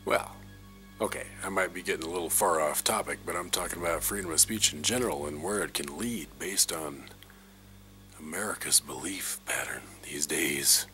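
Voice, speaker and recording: A man delivering a profane ranting monologue, swearing heavily and swinging between hushed whispers and shouting. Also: very deep voice, moderate pace, faint music behind. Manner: heavy swearing. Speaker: video creator.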